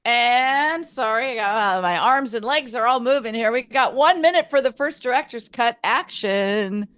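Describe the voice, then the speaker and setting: A woman's voice: on the high side, lively intonation, a little slow, a bit bright, smooth. A woman hosting an online improv game, playfully calling out timed rounds and laughing along. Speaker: improv game host and timer. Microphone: video call.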